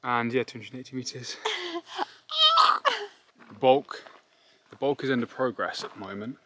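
A man's voice: medium pitch, steady tone, normal speed. A man co-hosting a casual travel vlog on a forest hiking trail, chatty and upbeat, tripping over place names. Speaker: travel vlogger co-host. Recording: noisy outdoor recording.

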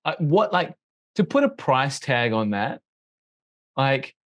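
A man's voice: medium pitch, sing-song, slow pace. A man hosting a casual podcast, laid-back and blunt, with crude jokes.

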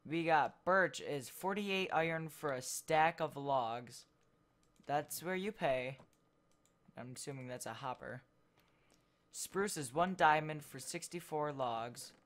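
A gameplay video host giving casual commentary while building, thinking out loud and trailing off mid-sentence. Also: medium pitch, takes it slowly.

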